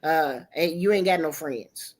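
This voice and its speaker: A middle-aged woman with a lowish voice hosts a casual livestream chat. She tells stories in an animated, profane way, jumping between narration and quoted voices. She talks into a home streaming mic. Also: unhurried. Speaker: livestream host. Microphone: streaming setup mic.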